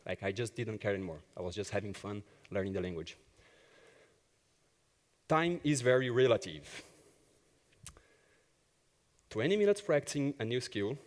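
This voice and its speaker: A man's voice: lowish voice, long reverb tail. A man who works as an agile coach gives a conference talk, telling personal stories and acting out the dialogue. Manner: animated storyteller who acts out dialogue. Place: conference hall stage.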